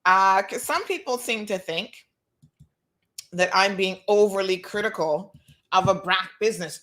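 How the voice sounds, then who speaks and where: A woman hosting a talk show, telling a lively story and acting out the people in it. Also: on the low side, measured pace. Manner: animated, acts out quoted dialogue, laughs. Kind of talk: casual monologue, storytelling.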